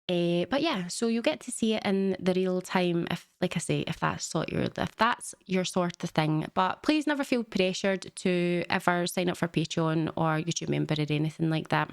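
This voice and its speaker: A woman's voice: lowish voice, normal speed, creaky, hardly any pauses, no room sound, clean studio sound. A young woman, recapping a show in a chatty, rambling way with lots of fillers. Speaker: reaction channel host. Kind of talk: casual reaction recap.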